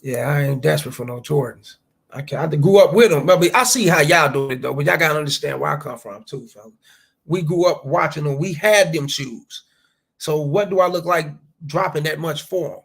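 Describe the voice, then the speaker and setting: Brief: man, late thirties to early forties, husky gravelly voice, loose swearing livestream host, pitched a bit high. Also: brisk. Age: late 30s to early 40s. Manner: animated, swearing, reading viewer chats aloud. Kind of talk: casual profane livestream chat.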